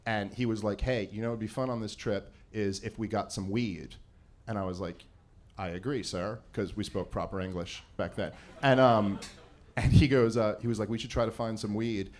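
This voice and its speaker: A man in his thirties doing a rambling, self-deprecating stand-up comedy set on a live event stage. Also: fairly low pitch. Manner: rambling, self-deprecating, lots of fillers and acted-out quotes.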